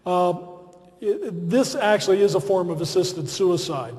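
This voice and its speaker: A man's voice: high-pitched, measured pace, a little hiss or hum. A man giving a humorous, self-deprecating after-dinner speech at a podium in a large banquet hall. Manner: self-deprecating, lively storytelling.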